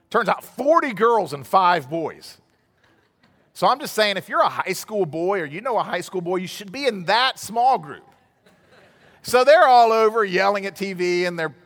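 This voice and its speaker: High-voiced man preaching in echoing hall. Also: a bit bright. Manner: conversational storytelling, building to emphatic outbursts. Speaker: pastor. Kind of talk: sermon. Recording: long hall reverb.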